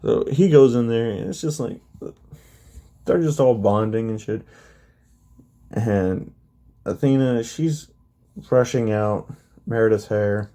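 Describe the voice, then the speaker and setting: A man's voice: medium pitch, slow, long pauses, warm tone. A man casually telling a fan story, laid-back, swearing freely and leaning heavily on fillers.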